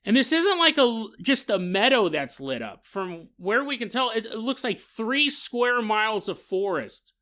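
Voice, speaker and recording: Podcast host, male, high bright voice, comedic storyteller who jokes around. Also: a little slow, few pauses. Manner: joking, animated, laughing asides.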